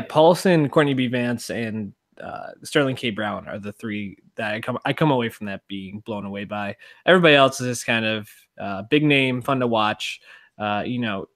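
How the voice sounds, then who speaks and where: A man co-hosting a podcast in easygoing casual chat with quick asides. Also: medium pitch, a bit bright. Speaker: podcast co-host.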